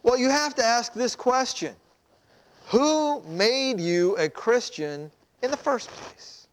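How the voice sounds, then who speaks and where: High-voiced man preaching a sermon. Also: lively intonation, takes it slowly. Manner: conversational preaching with rhetorical questions. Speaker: pastor.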